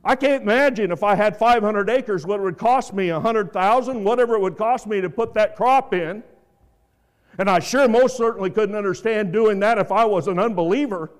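A man preaching a sermon, reading scripture and swinging between emphatic outbursts and quiet asides. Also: high-pitched, normal speed.

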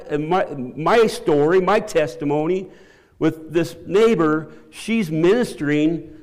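Middle-aged man giving church testimony. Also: long reverb tail. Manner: halting, many restarts, laughs often; voice climbs high and loud when excited.

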